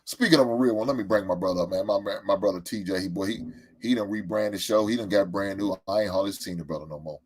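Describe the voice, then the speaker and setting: A man's voice: lowish voice, fast talker, darkish tone, breathy edge. A man hosting a casual talk show, telling stories in a loose, profane, emphatic way. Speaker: show host.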